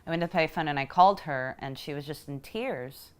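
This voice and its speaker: A woman telling a personal story in a reflective, emotional way, pausing often as she speaks. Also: deep voice, a little mellow, clear, resonant tone. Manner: reflective and emotional, halting with pauses. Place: Houston.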